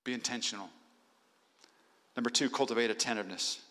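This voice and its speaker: A man's voice: mid-range voice, steady tone, a little fast, pushed and bright. A male pastor preaching an earnest sermon in a church, exhorting the congregation point by point. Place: church sanctuary. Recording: long hall reverb.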